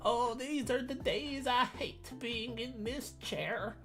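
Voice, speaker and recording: A man's voice: very high-pitched, takes it slowly, a bit bright, faint music behind, voice pushed up, heavily acted. A man mimicking a whiny self-pitying official. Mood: mocking whine. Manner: mocking, sing-song sarcastic whine.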